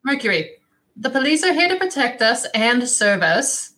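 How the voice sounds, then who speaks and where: A woman's voice: on the high side, very animated, moderate pace, a crowd in the background. A woman playing a tabletop game, chatty and joking. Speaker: player. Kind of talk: casual tabletop role-play.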